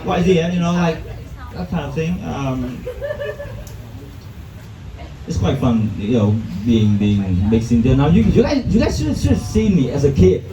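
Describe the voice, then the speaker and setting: A male stand-up comedian, halting with many restarts and fillers, performing in a comedy club. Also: mid-range voice, very animated, roomy sound, far from the mic, crowd noise, rough recording. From Vietnam. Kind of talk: stand-up set.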